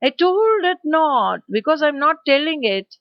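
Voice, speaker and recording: A woman's voice: high-pitched, very animated, unhurried, no echo, dull audio. A woman with an Indian English accent teaching a poem to school children, explaining line by line, repeating verses and asking rhetorical questions. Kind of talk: poetry lesson for school children.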